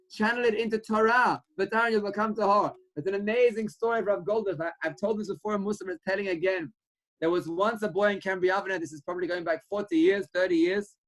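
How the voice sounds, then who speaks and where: A man's voice: sits high, rough recording. A man, a rabbi, giving an earnest Torah class, telling a story and urging listeners, mixing in Hebrew and Yiddish terms. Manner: earnest, rising to animated when quoting, mixes Hebrew and Yiddish terms.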